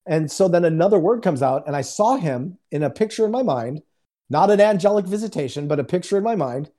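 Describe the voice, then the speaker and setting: A man, a guest minister on a video call, telling a testimony in a lively, joking way and acting out the quotes. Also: high-pitched, fairly quick. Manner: animated, joking, acts out quotes. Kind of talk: casual storytelling testimony. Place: home in Houston. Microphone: remote video call.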